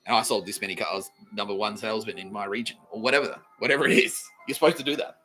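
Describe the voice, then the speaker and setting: Bright-voiced Australian man telling stories. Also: lowish voice, quick pace, faint music behind. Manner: profane, laughing, acts out quoted people. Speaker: podcast host. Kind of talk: comedic storytelling monologue.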